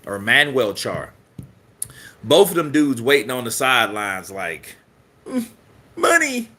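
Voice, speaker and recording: Bright-voiced, profane boxing stream host. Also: male voice, mid-range voice, animated, measured pace. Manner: profane, joking, reads viewer comments. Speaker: host of a boxing news channel. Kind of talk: casual live-stream commentary.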